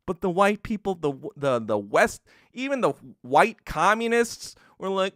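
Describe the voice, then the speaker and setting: Bright, animated, profane ranting man. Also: high voice, no echo, clean studio sound. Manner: profane, contemptuous, rapid-fire tirade. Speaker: podcast host. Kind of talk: angry political rant.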